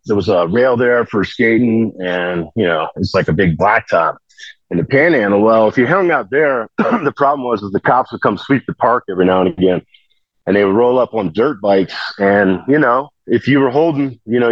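A man's voice: on the low side, lively intonation, brisk, no echo, muffled recording. A man telling a long, rambling story in casual conversation, full of fillers and restarts. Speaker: podcast guest telling stories.

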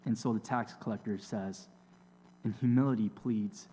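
A man preaching a sermon, slow and deliberate, with emphatic repetitions and rhetorical questions. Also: on the low side, fairly even intonation, mellow, a little hiss or hum. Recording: long hall reverb.

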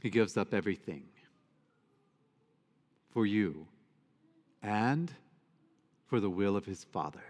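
A man's voice: lowish voice, animated, unhurried, long pauses. A man, a priest, giving a conversational homily to his congregation, with fillers and asides. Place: church. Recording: long church reverb.

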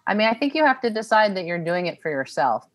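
A woman's voice: medium pitch, big pitch swings, fast, fairly bright tone. A woman, a writer on a panel, speaking earnestly and encouragingly over a video call. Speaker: panel guest, author. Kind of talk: casual panel conversation.

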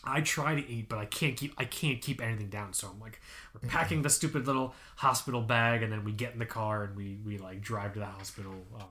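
A young man co-hosting a podcast, telling a personal story in casual chat, animated, laughing often and swearing. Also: on the low side, brisk. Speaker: podcast co-host.

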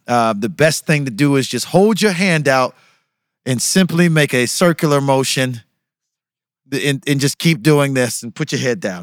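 A young man co-hosting a podcast, joking and hyping, sometimes dropping into low mock-solemn tones. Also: a bit bright, clean tone, dry recording, clean studio sound. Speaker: podcast co-host. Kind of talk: joking casual chat.

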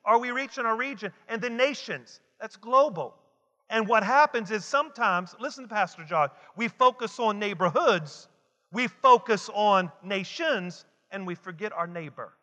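A man's voice: high-pitched, expressive, normal speed, bright, forceful tone. A male pastor preaching a sermon, driving his points home with repeated phrases and calls for the congregation to answer back. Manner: call-and-response preaching, repetitive and emphatic. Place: church sanctuary. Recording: long hall reverb.

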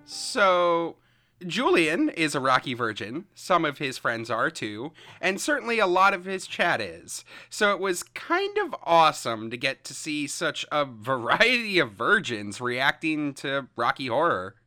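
A man's voice: on the high side, very animated, a little slow, bright, forceful tone, no room sound. A man co-hosting a casual chat, reading out viewer comments and dropping wry, dry asides. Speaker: podcast co-host.

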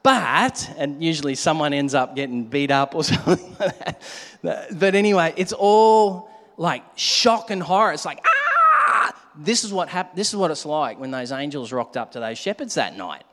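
A man preaching a sermon, animated, at times shouting to act out a scare and dropping to a hush. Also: a little high, normal speed. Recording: long hall reverb.

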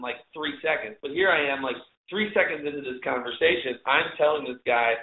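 A middle-aged man, a chef, casually telling a story from his kitchen, animated and laughing as he acts out his own shouting. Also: on the high side. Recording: tinny phone-like line in an echoey room.

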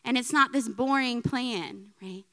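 A woman in her thirties giving a personal faith talk to an audience, chatty and animated, often adding "right?". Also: on the high side, measured pace. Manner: chatty, frequent "right?" tags, laughs often. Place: church hall with audience. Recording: long reverb in a hall.

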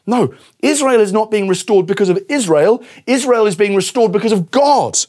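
A middle-aged man preaching a sermon as pastor, moving from soft, reflective reading to forceful, stressed points. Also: sits high.

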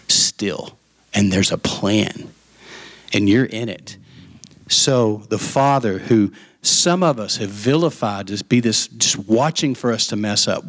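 A man preaching a sermon, retelling a Bible story with lively acted-out voices and asides to the congregation. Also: mid-range voice. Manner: animated storytelling, acting out voices of the parable. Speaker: pastor.

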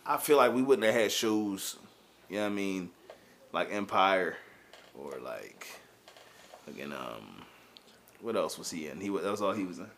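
A man's voice: sits low, animated, normal speed, pauses often, a bit bright, slight background noise. A man hosting a podcast, telling profane stories in casual comedic banter and laughing often. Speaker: podcast host.

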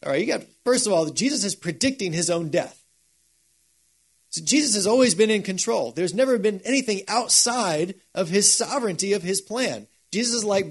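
A pastor preaching a sermon in a casual, animated storytelling way. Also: male voice, high voice, moderate pace, breathy edge.

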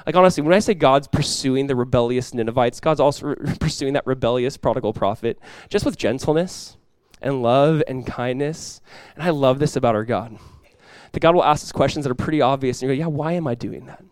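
A man preaching a sermon as pastor, in a lively, conversational way with quick acted-out asides. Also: mid-range voice, clean tone, no room sound.

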